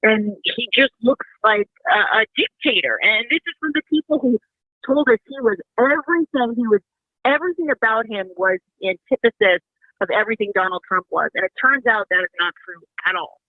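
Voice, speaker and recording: A woman's voice: a little high, lively intonation, dry recording. Woman calling in over a tinny phone, opinionated political chat, lots of restarts. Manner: earnest, opinionated, with halting restarts. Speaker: radio show guest. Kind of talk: political talk radio chat. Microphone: telephone.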